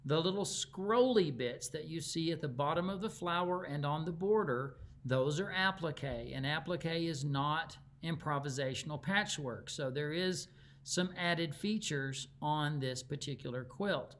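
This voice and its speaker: A man with a Texan accent teaching quilting in a live online class. His voice sits high for a man. He talks in a chatty, folksy storytelling way. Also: measured pace, a bit bright.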